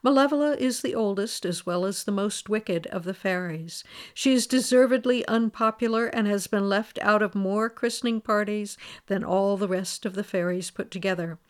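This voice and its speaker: A woman reading a fairy tale aloud, lively and expressive. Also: medium pitch, normal speed, hardly any pauses, smooth. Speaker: storyteller.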